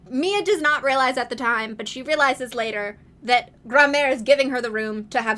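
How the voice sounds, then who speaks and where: A young adult woman casually recapping a book series, animated and laughing often as she acts out dialogue. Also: sits high, moderate pace, few pauses.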